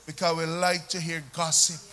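A man with a Jamaican accent preaching a sermon as pastor, calling for responses from the congregation and swinging between loud emphasis and quiet asides. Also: fairly high pitch, completely flat delivery, normal speed. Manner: call-and-response preaching, rising and falling emphasis.

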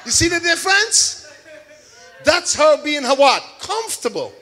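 A man preaching a sermon to a congregation, shouting key words, drawing out call-and-response and mixing in chatty everyday examples. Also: very high-pitched, very animated, measured pace. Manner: homely store examples, chatty asides. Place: church service with a congregation.

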